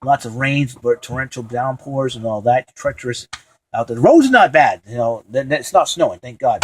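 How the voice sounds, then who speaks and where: A man talking casually into the camera at home, rambling from thought to thought with lots of fillers. His voice sits at an ordinary middle pitch, and he sounds enthusiastic. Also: lively intonation, a little fast, a little hiss or hum, low-quality recording. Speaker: show host. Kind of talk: casual vlog monologue.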